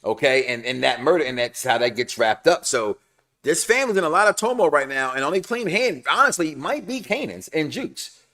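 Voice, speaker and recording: A man's voice: fairly high pitch, very animated, brisk, sharp tone. A man co-hosting a TV recap show in casual, slangy chat, repeating phrases for emphasis.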